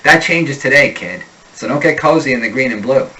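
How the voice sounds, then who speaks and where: A man's voice: medium pitch, animated, fairly quick, background noise, natural voice. A man reading as a weary, bitter male Martian who resents Earthlings, in a brooding, defiant monologue. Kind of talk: reading a sci-fi passage aloud.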